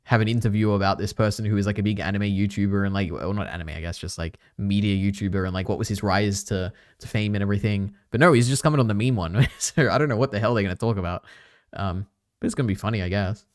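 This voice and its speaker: Man, streamer, casual chat, rambling with fillers, lowish voice, dry close sound. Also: fast talker, dry recording. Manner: rambling, many fillers, chatty asides to chat.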